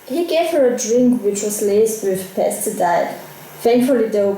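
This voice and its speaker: Mellow-voiced woman telling a true crime story. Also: medium pitch, heavy reverb, low-quality recording. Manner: conversational, personal asides while recounting events.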